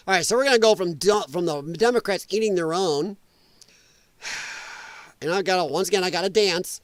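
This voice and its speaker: Animated, high-voiced middle-aged man on stream. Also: moderate pace, pauses often, no echo. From Illinois. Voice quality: profane, mocking, laughs often. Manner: animated, drops into sarcastic mimicking voices. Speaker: live-stream host. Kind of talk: live-stream political commentary.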